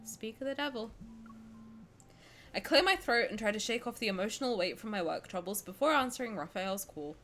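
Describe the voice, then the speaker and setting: A woman streaming a game, reacting and reading aloud in a playful, sarcastic way, swearing and bursting into shouts. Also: a little high, expressive, a little fast, a little hiss or hum.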